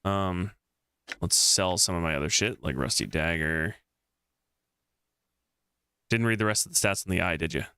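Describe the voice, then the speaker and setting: A man's voice: deep voice, normal speed, long pauses, bright, forceful tone, clean tone, no echo, clean studio sound. A man streaming a game, casually thinking aloud and reading the text on screen.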